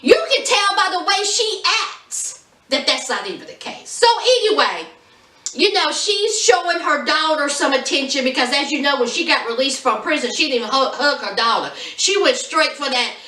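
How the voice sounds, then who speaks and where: A woman recapping a reality show in a sassy, mocking, animated way. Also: high-pitched, moderate pace, roomy sound, far from the mic. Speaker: reality TV reviewer. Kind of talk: casual recap commentary.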